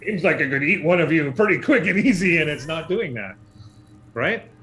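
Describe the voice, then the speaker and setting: A man voicing a giant, hungry male spider with a high, rough put-on voice. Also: animated, normal speed, a bit bright. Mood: menacing.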